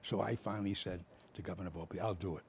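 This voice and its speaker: An older man, telling stories in casual conversation and acting out both sides of old arguments with lively energy. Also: deep voice, fast, a little hiss or hum. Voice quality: gravelly, husky. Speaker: former state official telling stories.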